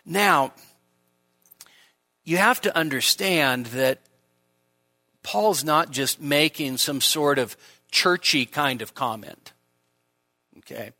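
A man preaching an expository sermon to his congregation at a church service, asking rhetorical questions, stressing key words and dropping into quiet asides. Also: a little high, takes it slowly, pauses often.

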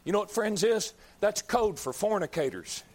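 A man preaching a fiery sermon, hammering his points with repetition and rising to shouts. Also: high voice, expressive, moderate pace. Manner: emphatic, repeats lines, builds to shouts.

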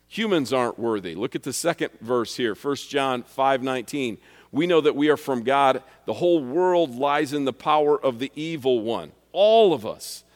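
A man preaching a sermon, earnest and emphatic, who reads scripture aloud and asks the listeners questions. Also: medium pitch. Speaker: pastor. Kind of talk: expository sermon. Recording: reverberant hall.

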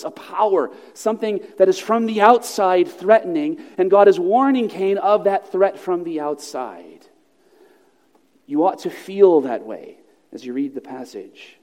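A man with a high, mellow voice preaching a sermon in a church sanctuary. He speaks in a measured, earnest way and slows down to stress key phrases. The sound carries a long reverb from the large hall. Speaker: pastor.

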